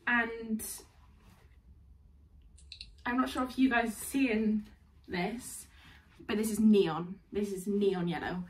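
A woman's voice: mid-range voice, fairly even intonation, slow pace, pauses often. A young woman chatting casually and bubbly through a dress haul, laughing often. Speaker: fashion vlogger. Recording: distant mic, faint room noise.

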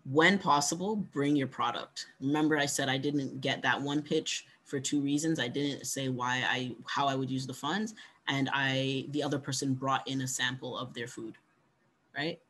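A man giving a conversational workshop talk on pitching, coaching and encouraging, often ending points with "right?". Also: steady tone, moderate pace, a bit bright. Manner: conversational, frequent "right?" tag questions. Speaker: workshop presenter.

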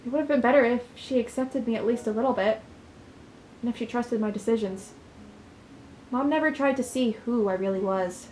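A woman reading the first-person lines of a troubled young woman in a game, quiet and plain. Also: on the high side, brisk, pauses often, roomy sound, slight background noise, lightly acted, low-quality recording. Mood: subdued. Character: troubled young woman narrating her own story.

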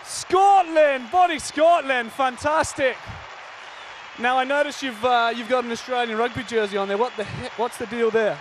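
A man's voice: extremely high pitch, steady tone, moderate pace. Exuberant New man hyping a stadium. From New Zealand. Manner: exuberant, rousing, calls out to the crowd. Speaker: stadium entertainer and singer. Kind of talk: shouted crowd hype over a stadium PA. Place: outdoor rugby stadium. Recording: noisy stadium crowd.

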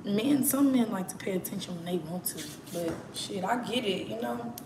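A woman's voice: mid-range voice, normal speed. Profane East Texas woman livestreaming. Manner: candid, profane, rambling. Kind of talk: casual livestream chat. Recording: echoey room with background noise.

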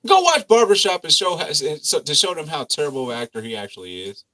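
A man hosting a casual TV review chat, animated, profane and mocking as he riffs on the episode. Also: fairly high pitch, fast talker. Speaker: TV show review podcast host.

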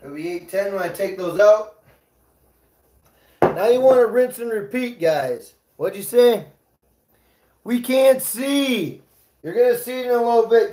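A man's voice: sits high, warm tone, echoey room, rough recording. A man hosting a casual cooking livestream from his home kitchen, joking loosely, swearing freely and talking to his chat as he cooks. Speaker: livestream host.

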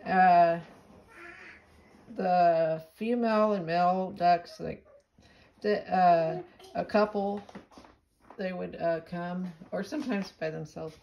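Slow, rambling woman with faint hiss. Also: lowish voice, fairly even intonation, highs cut off. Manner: chatty, rambling, with gentle baby talk to her pet. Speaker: vlogger. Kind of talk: casual chat to camera.

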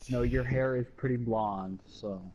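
A man's voice: mid-range voice, measured pace, mellow, highs cut off, a little hiss or hum. A man gaming with friends, retelling funny moments and poking fun at them. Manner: storytelling, mocking. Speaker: gamer. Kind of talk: casual gaming chat.

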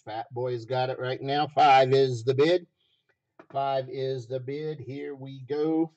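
A hoarse man running a live stream auction, repeating phrases as he hypes each item from a basement room. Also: medium pitch, a little mellow, dull audio.

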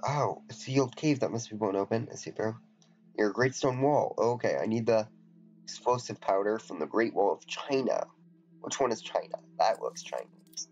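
A man's voice: fairly low pitch, moderate pace, a little mellow. A man giving offhand, jokey commentary while playing a game and reading its dialogue aloud. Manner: jokey, offhand, mutters asides. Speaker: gameplay commentator. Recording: dull lo-fi with faint game music.

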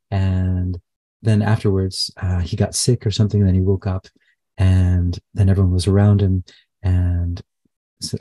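A man channeler in a live session, speaking haltingly with many fillers and restarts. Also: on the low side, mellow, husky, no echo.

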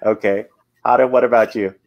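A man's voice: on the low side, steady tone, brisk, gravelly, lo-fi sound. A man moderating a panel discussion, asking questions in a friendly, conversational way.

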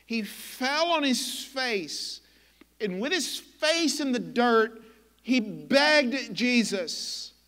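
A man preaching a sermon as pastor, impassioned and emphatic, with dramatic pauses. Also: extremely high pitch, expressive, bright, forceful tone, in a large hall. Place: church sanctuary.

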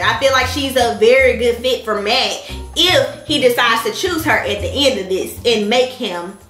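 A woman's voice: fairly high pitch, pushed and bright. A woman, sassy and direct as she reacts to a TV episode and talks straight to her viewers. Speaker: reaction vlogger. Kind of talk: animated reaction vlog. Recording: echoey room with faint music.

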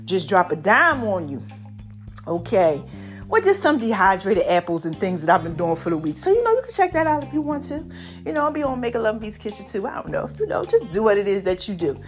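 A woman hosting her own podcast, talking in an animated, drawn-out style full of "baby" and "y'all", her voice a little strained from allergies. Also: mid-range voice, faint music behind. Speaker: podcast host. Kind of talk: solo podcast talk.

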